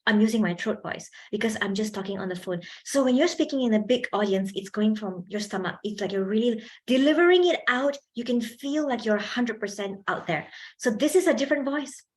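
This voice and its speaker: A woman's voice: a little high, animated, brisk. A young woman giving a chatty public speaking workshop to students, asking them questions and laughing often. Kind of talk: lively seminar talk to students.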